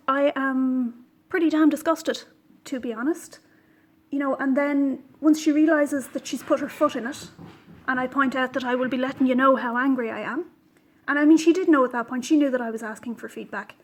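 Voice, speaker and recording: High-voiced indignant woman vlogging. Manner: indignant, emphatic, with frequent fillers. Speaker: knitting podcast host. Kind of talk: casual vlog monologue.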